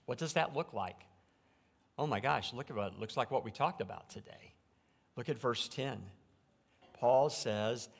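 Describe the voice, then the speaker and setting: A middle-aged man preaching a sermon from a church pulpit, shifting between quiet, reflective stretches and loud, emphatic preaching. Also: medium pitch, moderate pace, gravelly, pauses often. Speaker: pastor. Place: church sanctuary.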